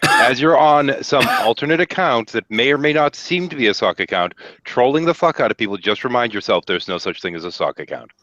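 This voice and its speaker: A man's voice: medium pitch, expressive, fairly quick, few pauses, a bit bright, no room sound. A man joking playfully in a casual group chat over a video call. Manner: playful, jokey. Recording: dry, dull call audio.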